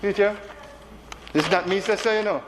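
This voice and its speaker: A man's voice: sits high, a little fast. A man with a Jamaican accent giving an emotional parliamentary speech as a senator, repeating phrases for emphasis in a large chamber. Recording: reverberant chamber with faint background noise.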